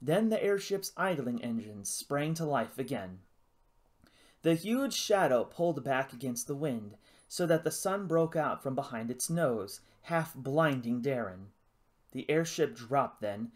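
Storybook narrator, expressive and animated in pitch, reading adventure prose. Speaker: audiobook narrator. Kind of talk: scripted narration.

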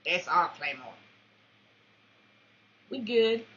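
Bright, lively woman gamer trash-talking. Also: fairly low pitch, drawn-out words. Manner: playful trash talk with mock-formal phrasing; excitable yelps and laughs. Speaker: gamer commentating her own match. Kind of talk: let's-play commentary. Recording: dull lo-fi recording.

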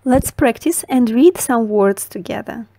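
A woman with a Russian accent talks through a diction lesson at a slow, deliberate pace, shaping each sound with care. Her voice sits a little high. The recording is close and dry, with no room around it. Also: expressive, dark tone, no echo. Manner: slow, precise, carefully enunciated. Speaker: diction teacher. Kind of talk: scripted tutorial narration.

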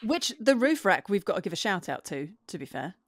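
Female podcast co-host, animated voice, playful and chatty, dry recording. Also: medium pitch, a little fast, dry recording. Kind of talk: casual chat.

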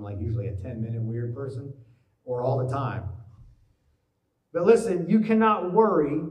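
Male pastor, higher-pitched voice, lively storytelling sermon, recorded from a distance in a reverberant church. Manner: animated storytelling, acts out worried voices. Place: church sanctuary. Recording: echoey church hall, mic at a distance.

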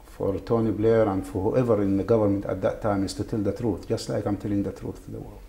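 A man from Saudi Arabia, whose first language is Arabic, gives emotional interview testimony about what he went through, halting and often repeating words. His voice is lowish and dark, with vocal fry and little pitch movement. Faint background noise sits under the recording.

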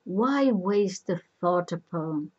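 Desperate queen pleading fast n fierce, read by a woman, husky voice, muffled lo-fi sound. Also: fairly low pitch, animated, a little mellow, full character voice. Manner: hurried and fierce. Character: anguished queen, desperate to stop a truth.

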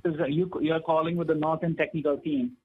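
A man's voice: a little high, little pitch movement, fast talker, a little hiss or hum. A man answering as a call agent, working through scripted questions. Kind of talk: phone call. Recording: muffled phone line.

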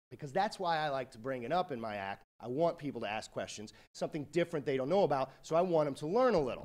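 A male comedian telling rambling, self-deprecating stories in a stand-up routine. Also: a little high.

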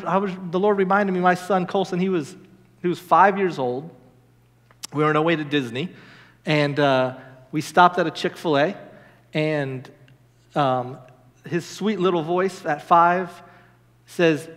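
A man in his thirties, a minister preaching a sermon with lively storytelling and sudden bursts of excitement. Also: sits high, normal speed. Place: church hall. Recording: long hall reverb.

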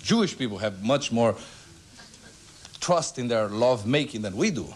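A Brazilian-born man telling comic stories as a guest on a television talk show, breaking into squeaky voices for his characters. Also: expressive, normal speed. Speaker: guest entertainer.

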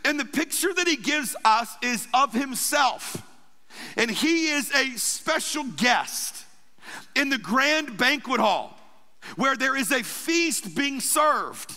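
A man's voice: very high-pitched, sing-song, slow pace, sharp tone. A man preaching a sermon as pastor, emphatic and repetitive, building phrase on phrase. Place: church sanctuary. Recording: church hall reverb.

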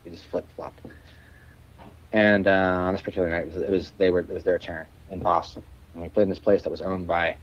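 A man's voice: sits low, highs cut off, a little hiss or hum. A male musician guest telling a rambling story in a podcast interview, with plenty of restarts and fillers.

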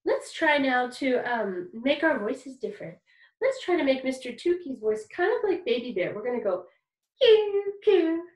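A woman's voice: sits high, big pitch swings, moderate pace. A woman teaching a kindergarten music lesson online, talking to small children in a cheerful, encouraging way and keeping her words simple.

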